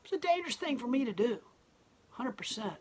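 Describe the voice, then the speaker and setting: A woman's voice: on the high side, big pitch swings, a little fast, a little mellow. A woman who owns a gallery speaks bluntly and defiantly in an impassioned interview monologue. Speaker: gallery owner and protester.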